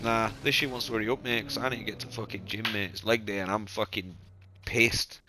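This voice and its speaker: A man's voice: lowish voice, steady tone, a little fast. A young man, giving blunt, sweary, exasperated commentary over his own racing gameplay. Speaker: gaming YouTuber. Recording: noisy game sounds behind voice. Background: racing game car and engine sounds.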